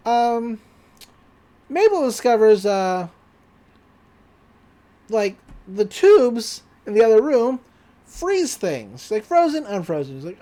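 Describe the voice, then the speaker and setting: A woman's voice: mid-range voice, sing-song, takes it slowly, long pauses, mellow. Young woman retelling a cartoon ep, voice jumps all over, does little character voices. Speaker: podcast host recapping a cartoon episode. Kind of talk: casual recap with acted quotes.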